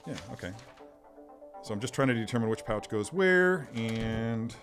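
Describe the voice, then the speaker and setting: A man with a medium-pitched, fairly bright voice and lively intonation chats at a normal speed during a casual live stream, unboxing something while thinking aloud, poking fun at himself and answering viewer comments. Faint sci-fi music plays behind him.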